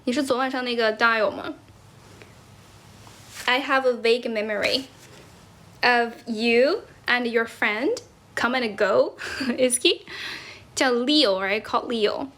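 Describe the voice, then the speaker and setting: A woman's voice: fairly high pitch, takes it slowly, pauses often, fairly bright tone. A young woman from China hosting a casual livestream, chatting in English and Chinese, laughing often and thanking viewers for gifts. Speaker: livestream host. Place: indoors, squatting while streaming.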